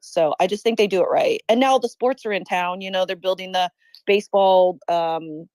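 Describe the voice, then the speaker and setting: A woman's voice: lowish voice, normal speed, darkish tone, dry recording. A woman speaking as a guest on a casual podcast, chatty and enthusiastic, leaning on fillers like "you know what I mean".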